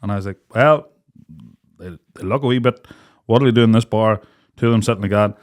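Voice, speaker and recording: A man's voice: lowish voice, a little fast. Swearing Irish man telling a story. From Ireland. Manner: animated, laughing, swears freely, acts out quotes. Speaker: podcast co-host. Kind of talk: casual storytelling chat.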